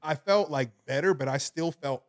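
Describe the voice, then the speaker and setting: A young man on a podcast, telling a wild story in casual chat, animated, swearing and laughing as he goes. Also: a little high, moderate pace. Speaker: podcast co-host.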